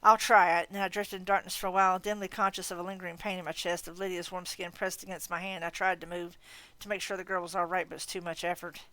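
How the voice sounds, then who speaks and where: A woman reading a novel aloud in an expressive, casual manner. Her voice is getting tired. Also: on the low side, fast talker, few pauses, no room sound. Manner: expressive reading, breaking off to laugh and comment. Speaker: audiobook reader.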